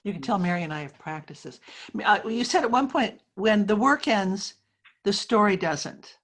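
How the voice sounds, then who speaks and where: A woman interviewing an author at a press club event, reading out a quote and asking questions in a measured way. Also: mid-range voice, lively intonation.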